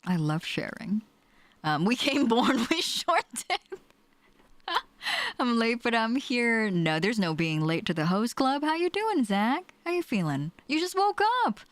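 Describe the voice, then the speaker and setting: A woman's voice: a little slow, no echo. A woman streamer chatting casually with viewers, playful and bubbly. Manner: bubbly and playful, lively pitch. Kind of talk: casual chat while reading chat.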